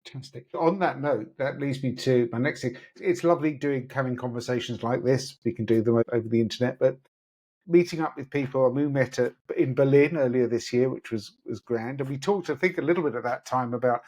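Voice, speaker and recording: Male host from the UK, mid-range voice, warm and encouraging in conversation. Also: mid-range voice, a little fast, breathy edge. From United Kingdom. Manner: friendly, encouraging, full of praise. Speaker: interview host. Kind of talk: casual interview chat.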